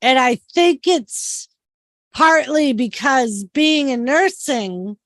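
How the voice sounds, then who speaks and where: Slow-talking woman with a Massachusetts accent. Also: high-pitched, animated, no room sound. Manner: chatty storyteller, frequent "like". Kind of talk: casual chat.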